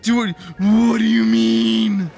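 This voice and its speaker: A man's voice: very high voice, level tone, slow pace, gravelly, darkish tone, faint music behind. A young man streaming a video game, ranting in exasperation, swearing, and breaking into screams and laughter. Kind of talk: live gameplay commentary.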